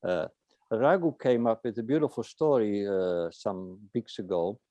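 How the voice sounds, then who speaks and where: Dark-voiced man speaking hesitantly, dry sound. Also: lowish voice, measured pace, no room sound, muffled recording. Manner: hesitant, with many uh's and restarts. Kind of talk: casual chat. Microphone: video call.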